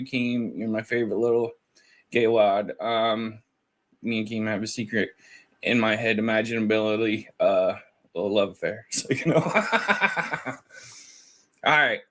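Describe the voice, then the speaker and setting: A man's voice: lowish voice, a little slow, long pauses. Man animatedly retelling a phone call. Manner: animated storytelling, acting out both sides of a conversation. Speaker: guest recounting a call. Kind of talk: casual podcast chat.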